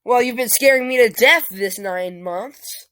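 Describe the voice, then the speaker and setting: A casual storyteller voicing a fatherly middle-aged man who teases warmly. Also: medium pitch, moderate pace, dry recording, lightly acted.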